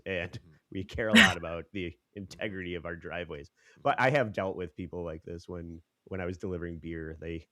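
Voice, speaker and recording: A man's voice: sits low, fairly bright tone. A man co-hosting a podcast in casual chat, joking and laughing often as he talks. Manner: laughs often, swears, loose and jokey. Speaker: podcast co-host.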